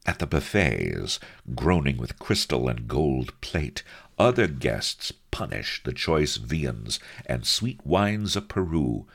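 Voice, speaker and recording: A man's voice: very deep voice, creaky, slightly rough. A man narrating a comic story in a dry, wry manner.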